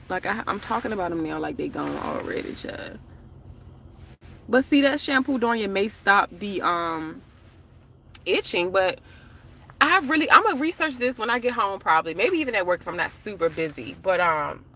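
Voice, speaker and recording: A woman's voice: medium pitch, expressive, moderate pace, sharp tone. A woman from the United States chatting casually to her live-stream viewers from a parked car, talking straight to them with slang and asides.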